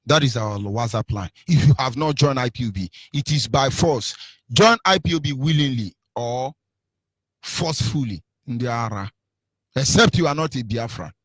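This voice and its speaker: A man's voice: mid-range voice, lively intonation, moderate pace, a bit bright, no echo. A man with a Nigerian accent hosting an online radio show, fiery and mocking as he reads out phone lines. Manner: fiery, mocking, gives phone numbers repeatedly. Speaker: radio host. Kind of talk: radio call-in talk.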